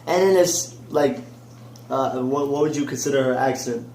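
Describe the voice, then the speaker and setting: A man's voice: mid-range voice, normal speed, darkish tone, slight background noise. A man co-hosting a casual fan talk show, blunt and ranting, often restarting his sentences. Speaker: co-host. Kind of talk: casual chat. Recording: roomy with faint ambience.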